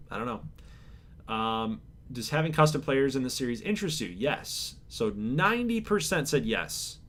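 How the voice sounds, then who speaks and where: With a mid-range voice, a man goes through viewer survey responses on his channel in an easygoing, casual chat to camera. He labels his voice monotone and lets out an occasional chuckle.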